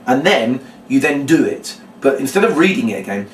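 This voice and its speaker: A man, a children's magician, demonstrating a trick step by step and acting out his patter with a brighter voice. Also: sing-song, moderate pace, a little hiss or hum. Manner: explains step by step, then acts out his patter in a bright, higher voice. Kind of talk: demonstration lesson. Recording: echoey room, mic at a distance.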